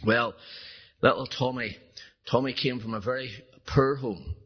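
Earnest male preacher, husky voice, dull lo-fi recording, pleading sermon delivery. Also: mid-range voice, unhurried. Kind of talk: evangelistic sermon storytelling.

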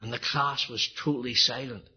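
A man's voice: mid-range voice, steady tone, brisk, breathy edge, dull audio. A man preaching an evangelistic sermon, telling a story and then pleading earnestly with his listeners.

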